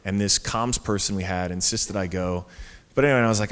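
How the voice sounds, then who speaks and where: A man's voice: lowish voice, fairly quick, fairly bright tone, clear, resonant tone. A man telling a story on a conference stage in a casual, chatty way, full of fillers and restarts. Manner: chatty, lots of fillers and restarts, laughs at his own story. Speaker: panel guest. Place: conference stage before an audience. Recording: hall reverb from a live stage.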